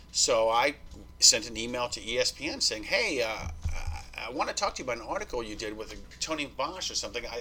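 A man telling his story as a podcast guest, animated and swearing, acting out what people said to him. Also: mid-range voice, husky. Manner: animated, swearing, acts out quoted dialogue. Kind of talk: storytelling interview.

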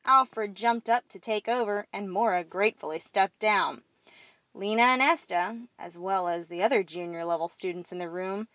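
A woman reads a fantasy novel aloud in first person, keeping a steady storytelling pace. Her pitch sits in the middle, and the recording is close and dry with no room sound. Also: normal speed, no room sound. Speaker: audiobook narrator.

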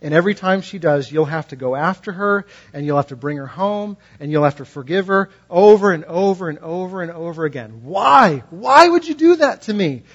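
This passionate sermon comes from a pastor whose fairly high voice moves briskly with hardly any pauses, shifting between loud emphasis and quiet, hushed points. Repetition and storytelling carry his message, and the audio is dull and lo-fi.

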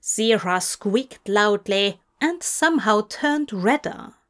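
A woman narrating a fan-fiction story aloud in a slow, measured way. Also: medium pitch, expressive, fairly bright tone.

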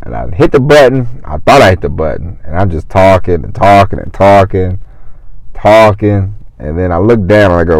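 A man's voice: deep voice, lively intonation, moderate pace, a little mellow, no room sound, poor audio. A man hosting his own podcast, talking casually and rambling with frequent restarts from his car in a parking lot. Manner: chatty, rambling, self-interrupting, folksy. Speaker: podcast host. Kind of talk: casual solo podcast monologue.

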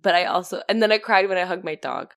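A young woman co-hosting a casual chat, animated and rambling, often laughing and turning teary. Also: on the low side, fast, creaky.

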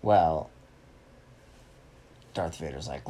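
A man playfully making up a story aloud for a child, animated and teasing. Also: on the low side, a little slow, vocal fry. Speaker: parent telling a story to a child. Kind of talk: improvised bedtime story.

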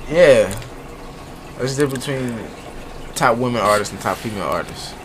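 A man's voice: medium pitch, a little fast, a little hiss or hum. A young man co-hosting a podcast in casual chat, ranting emphatically and swearing freely. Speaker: podcast co-host.

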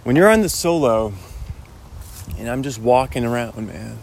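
A man's voice: medium pitch, expressive, normal speed, creaky, slight background noise. A man rambling casually in a solo podcast while walking outdoors, with a lot of "like"s. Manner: rambling, chatty, many "like"s. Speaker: podcast host.

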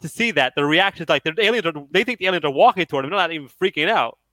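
Fast-talking high-voiced man, dry close sound. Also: lively intonation, pushed and bright, no room sound, rough recording. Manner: dry, joking asides. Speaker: podcast co-host. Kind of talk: casual chat reviewing a cartoon episode.

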